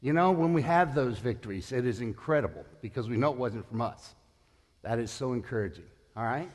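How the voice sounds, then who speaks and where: A man's voice: mid-range voice, animated, brisk, a little mellow, big-room sound. A man in his sixties preaching a sermon as pastor, conversational, putting questions to the congregation. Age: 60s.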